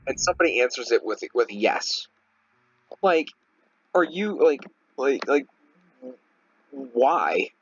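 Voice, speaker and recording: A man's voice: medium pitch, animated, slow pace, long pauses, a bit bright, slightly rough, no room sound, lo-fi sound. A young man giving casual gameplay commentary while ranting in an irritated, rambling way, full of "like" fillers. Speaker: Let's Play commentator.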